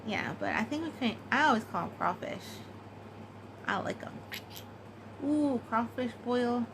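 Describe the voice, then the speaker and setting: A woman's voice: on the high side, lively intonation, measured pace, background noise. A woman chatting casually and giggling, with many fillers, as she answers a tag. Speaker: craft vlogger.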